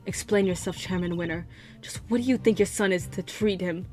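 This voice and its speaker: A woman gives a cool, proud game prosecutor, his words measured and precise. The voice sits a touch low, with the game's music playing clearly behind it. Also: lightly acted. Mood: composed. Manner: measured, formal, cutting. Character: composed, haughty male ace prosecutor. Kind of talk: fan voice-over of a game.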